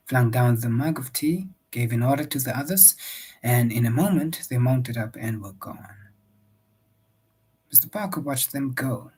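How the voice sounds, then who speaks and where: A man reading a novel aloud in a steady, measured storybook narration. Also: mid-range voice, slightly rough, low-quality recording. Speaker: audiobook reader.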